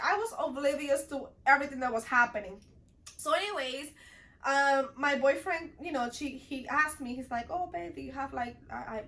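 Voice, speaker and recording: High, bright-voiced young woman vlogger. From Dominican Republic. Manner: chatty, lots of "like" and restarts. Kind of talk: casual storytime chat.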